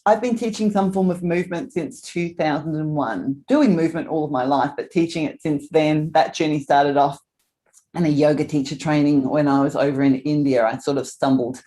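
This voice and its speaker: A woman's voice: deep voice, fairly even intonation, normal speed, dark tone. Chatty Australian woman leading an online class. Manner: chatty, laughs often, greets people by name. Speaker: movement class instructor. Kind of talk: friendly live online class welcome. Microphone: video call.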